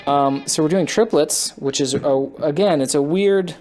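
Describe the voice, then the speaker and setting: A man's voice: a little high, a little slow, a little mellow. A man thinking aloud while he learns a guitar part, rambling and poking fun at himself as he plays. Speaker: guitarist learning a song on camera. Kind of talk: casual self-taught guitar lesson. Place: home studio with a loud computer. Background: his own guitar playing.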